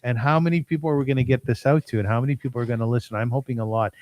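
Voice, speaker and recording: A man's voice: medium pitch, fairly even intonation, racing, dry recording. A man from Canada hosting a podcast interview, talking effusively and repeating himself for emphasis. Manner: warmly effusive, emphatic repetition. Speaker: podcast host.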